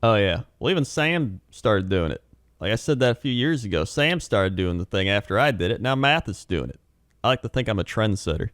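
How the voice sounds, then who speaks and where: A man's voice: on the low side, animated, brisk, fairly bright tone. A man co-hosting a podcast, chatting casually with laid-back, dry replies. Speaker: podcast co-host. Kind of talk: casual chat.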